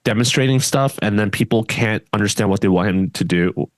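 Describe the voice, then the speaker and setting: A man's voice: fairly low pitch, a little fast, no echo. A man co-hosting a podcast, chatting casually and bluntly, often trailing off and restarting his sentences. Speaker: podcast co-host.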